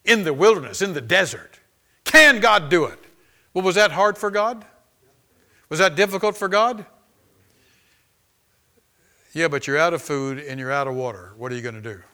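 A man's voice: on the high side, moderate pace, long pauses, bright, forceful tone. A man preaching a sermon as pastor, emphatic and repetitive, calling out to the congregation for amens.

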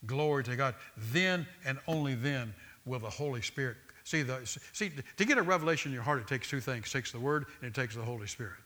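A man's voice: medium pitch, expressive, a little fast, hardly any pauses, sharp tone. A man preaching a sermon, with an emphatic, repetitive cadence that builds through lists of phrases.

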